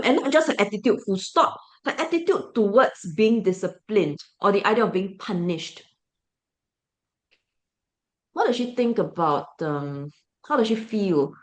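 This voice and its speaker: A woman teacher with a Singaporean English accent walks a class through how to answer questions. She keeps asking the students questions and then answering them herself. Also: medium pitch. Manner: explanatory, asks the class rhetorical questions.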